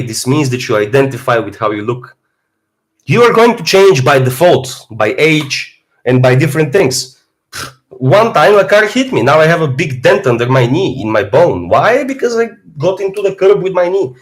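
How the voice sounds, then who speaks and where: A young man from Bulgaria with a Bulgarian accent, a fitness streamer talking casually on a live stream and swinging from low mutters to loud outbursts.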